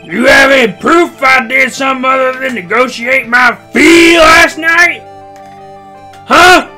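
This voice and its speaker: A man voicing a flamboyant, vain male circus magician in game dialogue, delivering lines theatrically and shouting. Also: high voice, lively intonation, moderate pace, faint music behind, full character voice. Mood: indignant.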